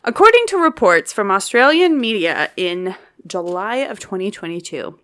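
A woman co-host with a bright, lively voice that swings up and down as she talks. She chats casually and playfully, laughing often. She reads her notes aloud to her partner in between the banter. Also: medium pitch, moderate pace. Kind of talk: casual chat.

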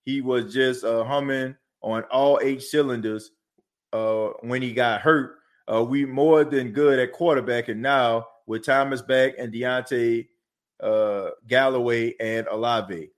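A man's voice: mid-range voice, steady tone, a little slow. A man hosting a sports podcast, ranting heatedly and repeating himself. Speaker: podcast host. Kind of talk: casual sports talk.

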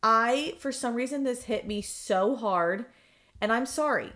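A woman's voice: on the high side, unhurried, a bit bright. Female co-host, casual book-club chat, emotional and gushy. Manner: emotional, gushing, chatty. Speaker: podcast co-host.

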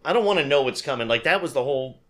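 A man co-hosting a relaxed movie chat podcast, talking in an animated, laughing way. His voice is bright and forceful. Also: mid-range voice, rapid-fire. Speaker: podcast host. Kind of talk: casual chat.

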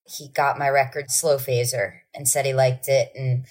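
Low-voiced woman telling stories. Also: normal speed. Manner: lively anecdotes with acted-out quotes. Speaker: musician guest. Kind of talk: casual storytelling.

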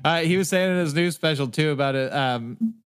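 Dude on a podcast, kinda high voice, cussing nonstop and cracking up. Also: male voice, fairly quick, clear, resonant tone. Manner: profane, laughs often, animated storytelling. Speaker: podcast co-host. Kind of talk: casual chat.

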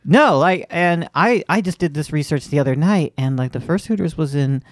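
A man's voice: fairly high pitch, expressive, moderate pace, no room sound, clean studio sound. A man from Florida hosting a comedy podcast, chatting wryly with lots of fillers and restarts. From Central Florida. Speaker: podcast host. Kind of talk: casual comedic chat.

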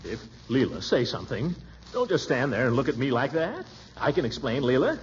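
A man's voice: medium pitch, big pitch swings, brisk, a little hiss or hum, natural voice. A man playing a stammering, chuckling pompous official. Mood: flustered. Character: blustering flustered middle-aged male official. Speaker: pompous small-town official. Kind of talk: 1940s radio acting. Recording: dull old radio recording.

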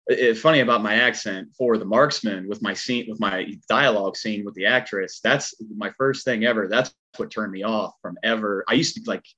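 A man working as a stunt performer tells a long story in casual chat, animated and rambling, with a twang in his speech. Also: lowish voice, normal speed, hardly any pauses, lo-fi sound. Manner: animated, rambling, heavy filler words.

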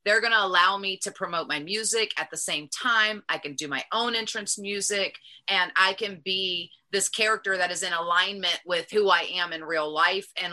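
A woman with a light Southern US accent talks through her past as a guest on a chat show. Her voice sits fairly low but has a bright, forceful edge. She often stops and restarts a thought. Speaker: guest, former wrestler. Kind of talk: casual chat.

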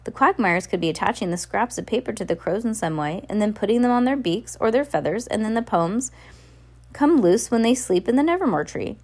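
A woman's voice: medium pitch, lively intonation, a little fast, a little mellow. A woman reading the lines of a practical, inventive teenage girl who asks questions and makes plans. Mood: questioning.

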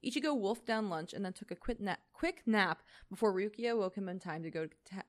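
A woman's voice: medium pitch, lively intonation, fairly quick. A tired young woman reading a fanfic aloud, breaking off into chatty asides with lots of fillers. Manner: chatty, many fillers, laughs often. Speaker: reader.

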